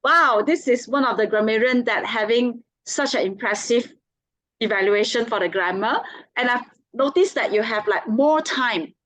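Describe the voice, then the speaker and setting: A woman's voice: fairly high pitch, moderate pace, fairly bright tone, no room sound, poor audio. A woman acting as general evaluator at a speaking club, giving a complimentary, chatty evaluation speech and filling gaps with "like".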